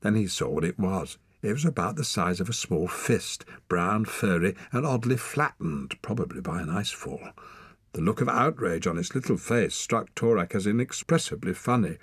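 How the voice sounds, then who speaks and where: Husky, low-voiced male audiobook narrator. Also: moderate pace, dry recording, clean studio sound. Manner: expressive, storytelling.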